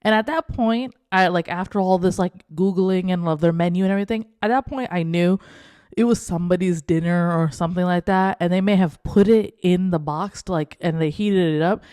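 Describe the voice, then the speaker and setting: A young woman co-hosting a podcast, telling a story in casual chat and acting out the dialogue with lively energy. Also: on the low side, brisk, smooth, no room sound, studio quality. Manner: animated, acts out quoted dialogue. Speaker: podcast co-host.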